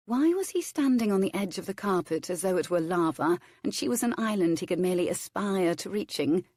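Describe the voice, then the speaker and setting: Woman narrator for a romance audiobook, lowish voice, measured, dry studio sound. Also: lively intonation, darkish tone, no echo.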